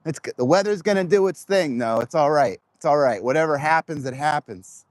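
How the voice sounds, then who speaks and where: A man's voice: on the high side, expressive, fairly quick, no echo. A man chatting casually to his viewers while walking laps outdoors, talking into a microphone close to his face. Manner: chatty, rambling, addresses viewers directly. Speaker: vlogger. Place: outdoors on a walk. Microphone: clip-on microphone close to face.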